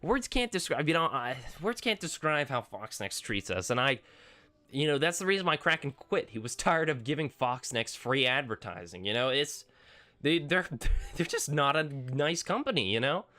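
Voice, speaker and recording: A man's voice: mid-range voice, sing-song, moderate pace, sharp tone. Exasperated teenage boy ranting. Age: teens. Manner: exasperated, sarcastic, rambling with restarts. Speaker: gaming YouTuber. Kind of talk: ranting vlog commentary.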